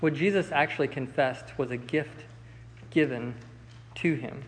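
Man, Bible study teacher, relaxed and chatty, long hall reverb, faint room noise. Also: mid-range voice, a little slow. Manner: relaxed, conversational, with many fillers and restarts. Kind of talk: casual Bible lesson.

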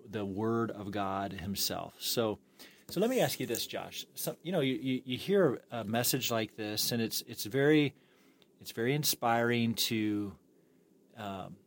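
A man's voice: on the low side, measured pace. A man co-hosting a church podcast after a sermon, affirming his guest with enthusiasm and asking him questions. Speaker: podcast co-host. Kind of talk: post-sermon podcast discussion.

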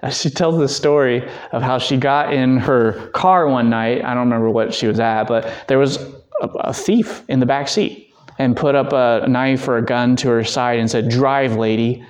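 A man teaching a church theology class, conversational and answering questions, acting out quotes in lively raised voices. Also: mid-range voice, moderate pace. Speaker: Bible teacher.

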